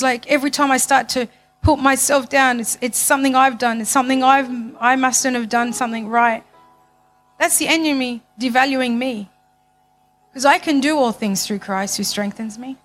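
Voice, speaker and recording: High-voiced woman preaching. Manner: emphatic, repeats phrases, swings from loud to hushed. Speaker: church speaker giving testimony. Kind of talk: passionate sermon testimony.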